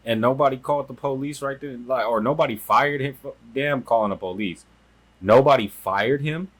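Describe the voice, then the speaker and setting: A man's voice: mid-range voice, normal speed, a little hiss or hum. A man hosting a reaction video, giving blunt, profane casual commentary and laughing at the footage.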